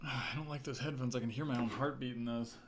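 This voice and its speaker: A man's voice: mid-range voice, steady tone, quick pace, a little hiss or hum. A man hosting a casual livestream as a writer, reading viewer comments aloud and reacting to them.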